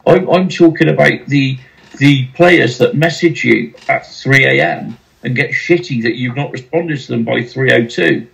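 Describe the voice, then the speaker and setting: Gravelly, wry podcast host. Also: male voice, medium pitch, normal speed, a bit bright, poor audio. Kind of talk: casual podcast chat.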